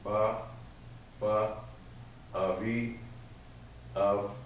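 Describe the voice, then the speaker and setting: Slow, careful, low-voiced student, man. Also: level tone, a little hiss or hum. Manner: slow, careful, hesitant reading. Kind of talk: reading aloud in class. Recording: echoey room, far from mic.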